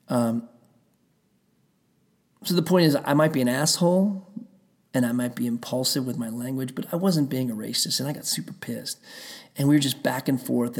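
Gravelly man ranting in a rambling way. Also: medium pitch. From Pennsylvania. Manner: heated, rambling, profane storytelling. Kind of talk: casual rant.

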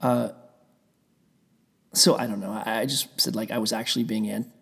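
Gravelly man ranting in a rambling way. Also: fairly low pitch, steady tone, normal speed, fairly bright tone. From Pennsylvania. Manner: heated, rambling, profane storytelling. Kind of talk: casual rant.

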